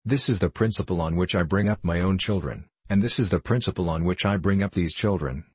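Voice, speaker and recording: A stern, dictatorial middle-aged man of facts, as read by a man, inflexible and emphatic. The voice sits very low and a little husky, with a close, dry sound. It suits an audiobook character reading. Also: a little fast, dry recording.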